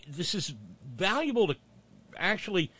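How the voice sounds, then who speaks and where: A man's voice: high-pitched, very animated, moderate pace, fairly bright tone, breathy edge. A man hosting political commentary, mocking clips with sarcastic asides and rising rants.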